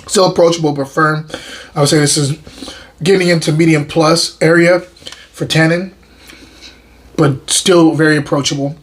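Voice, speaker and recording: A man hosting his own show, tasting and reviewing a wine in a relaxed, enthusiastic way and often repeating his words. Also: fairly high pitch, moderate pace, long pauses.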